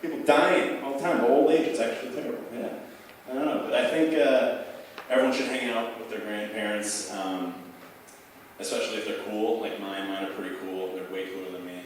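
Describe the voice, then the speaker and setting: A man's voice: lowish voice, fairly even intonation, brisk, slight background noise. A young man telling a rambling, profane stand-up story at a bar open mic, packed with fillers. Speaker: stand-up comic. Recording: echoey bar room heard from far off.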